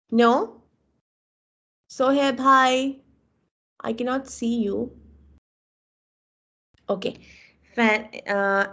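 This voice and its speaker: A woman with an Indian English accent, teaching a live online class and warmly praising her students' work, heard over a video call. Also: a little high. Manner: encouraging, effusive praise, calls out names. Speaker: webinar instructor. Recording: dull lo-fi video call audio.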